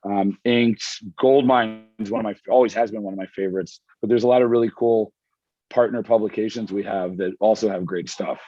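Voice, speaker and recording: A man's voice: fairly low pitch, steady tone, fairly quick, mellow, lo-fi sound. A man as an interview guest, talking casually from home and rambling enthusiastically with frequent restarts. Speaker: magazine editor guest. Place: home with dog and wife nearby.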